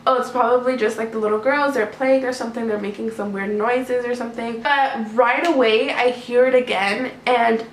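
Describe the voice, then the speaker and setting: A young woman vlogger tells a casual storytime to her camera, chatty and rambling, using lots of "like" as filler. Her voice is on the high side, steady, at normal speed with few pauses. The camera mic picks up an echoey room and faint background noise.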